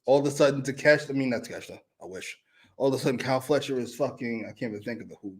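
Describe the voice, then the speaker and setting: Co-host, male, mid-pitched, blunt and foul-mouthed wrestling opinions. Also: racing, breathy edge. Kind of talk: casual opinionated chat.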